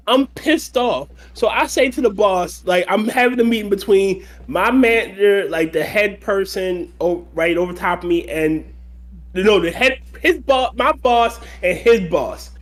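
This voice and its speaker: A man on a casual podcast telling work stories, halting and restarting, swearing freely. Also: high-pitched. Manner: halting, profane storytelling with restarts. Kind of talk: casual storytelling chat.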